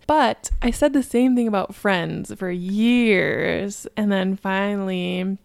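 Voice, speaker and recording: A young American woman co-hosts a podcast in relaxed, easy conversation. Her voice is mid-pitched with a strong gravelly fry. She sounds dry and close to the mic. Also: takes it slowly, hardly any pauses, no room sound. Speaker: podcast co-host. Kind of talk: casual chat.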